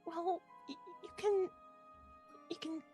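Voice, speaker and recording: A woman's voice: very high voice, fairly even intonation, slow pace, warm tone, soft background music, pitched above the performer's own voice. A player voicing a flustered young woman character who stammers shyly. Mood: concerned. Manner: stammering, bashful.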